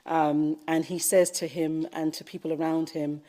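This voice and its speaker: A woman giving a Buddhist dharma talk, gently telling a story with frequent fillers. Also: low-pitched, little pitch movement, normal speed. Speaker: Buddhist teacher. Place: retreat talk at a Buddhist centre.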